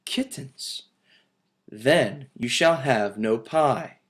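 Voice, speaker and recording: A man voicing a mother cat who scolds her kittens in a stern, drawn-out voice for a children's nursery rhyme. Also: medium pitch, animated, fairly bright tone. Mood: scolding.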